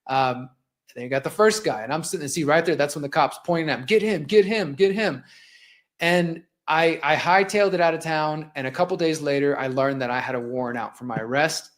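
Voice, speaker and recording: A man's voice: fairly high pitch, steady tone, fast. A man in his forties hosting a live show, telling a personal story in an impassioned, conversational way while narrating video clips. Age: 40s. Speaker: host.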